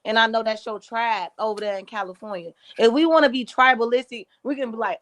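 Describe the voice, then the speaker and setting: Woman panelist, high voice, blunt and profane, heated debate. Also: brisk, hardly any pauses, fairly bright tone. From Chicago, USA.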